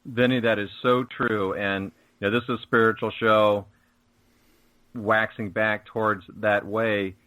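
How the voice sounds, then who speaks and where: A man's voice: fairly low pitch, flat delivery, a little slow, pushed and bright, dry recording, muffled recording. A man speaking as a radio guest, telling stories in a preachy, emphatic way. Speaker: guest, spiritual network host. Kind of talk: casual radio interview.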